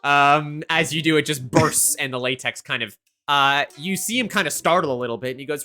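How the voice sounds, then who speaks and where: A woman running a tabletop game on a live stream, narrating in a chatty, animated way. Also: sits low, a little fast, few pauses. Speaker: game master.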